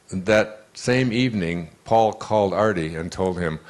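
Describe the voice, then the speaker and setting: Low-voiced older man lecturing. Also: normal speed, hardly any pauses. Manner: rambling storyteller, restarts and asides. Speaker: inspirational lecturer. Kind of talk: inspirational lecture to a live audience.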